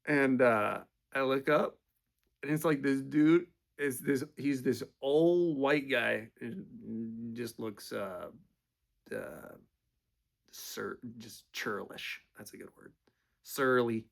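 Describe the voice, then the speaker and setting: Gravelly man telling rambling stories. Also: mid-range voice. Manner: profane, rambling, full of fillers. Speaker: storyteller. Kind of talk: casual storytelling.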